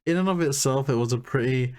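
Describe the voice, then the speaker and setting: A man's voice: mid-range voice, fast, darkish tone, clean tone. A man co-hosting a podcast, chatting casually and joking about his family while reviewing a cartoon episode. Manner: chatty, self-deprecating humour. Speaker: podcast co-host.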